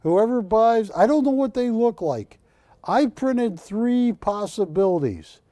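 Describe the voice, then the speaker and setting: A man hosting a live shopping channel, pitching art to callers with persuasive repetition. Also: sing-song, measured pace, mellow, no echo. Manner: persuasive, repeats words for emphasis. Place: TV studio.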